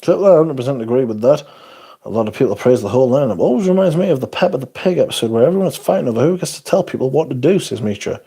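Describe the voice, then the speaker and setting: A man's voice: medium pitch, expressive, very fast, warm tone, husky. A man hosting a livestream, chatting casually as he reads viewer comments aloud in a blunt, profane, sarcastic way. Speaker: livestream host.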